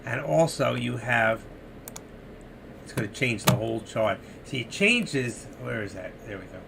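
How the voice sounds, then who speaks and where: A man's voice: mid-range voice, lively intonation, a little slow, creaky, very noisy. A man walking viewers through trading chart setups in a casual live stream, rambling and muttering to himself while he searches the screen. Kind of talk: casual screen-share tutorial.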